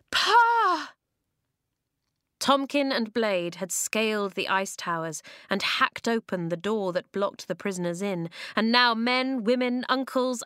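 A woman reads a children's fantasy novel aloud in a middle-pitched voice, close to the microphone in a dry, dead room. Her storytelling is expressive, and she throws her voice up high and loud when the characters call out. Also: no echo. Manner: expressive, acts out dialogue with sharp jumps in pitch and volume. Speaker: narrator.

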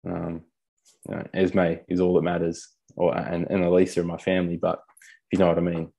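A man's voice: deep voice, completely flat delivery, a little fast, vocal fry, warm tone. A young man speaking candidly as a podcast guest, blunt, swearing casually and calling people mate. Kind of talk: candid conversational storytelling.

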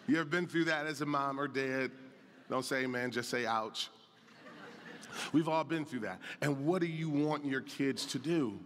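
Male pastor, animated sermon, high ringing voice, long church reverb. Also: moderate pace. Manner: animated preaching, calls out to the congregation; reads and comments on scripture. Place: church sanctuary. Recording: long reverb of a large hall.

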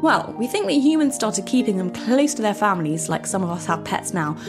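A woman hosts a children's podcast, reading a script with animation and frequently asking her young listeners questions. Her medium-pitched voice moves fairly quickly over background music.

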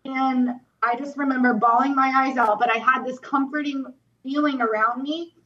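A woman's voice: sits high, fairly even intonation, normal speed, highs cut off. Emotional young woman sharing her testimony. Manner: earnest, emotional, frequent "like" fillers. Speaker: guest. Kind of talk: personal testimony in a podcast interview.

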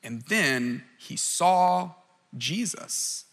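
A man's voice: on the high side, expressive, very slow, a bit bright, in a large hall. A man preaching a sermon in an earnest tone, who often stammers and repeats words as he restarts a phrase. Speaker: pastor.

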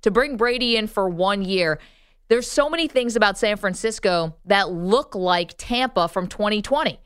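A woman's voice: medium pitch, lively intonation, moderate pace, clean tone, no echo, studio quality. A woman co-hosting a sports talk show, giving opinionated takes in a casual debate. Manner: opinionated, argues points with laughs.

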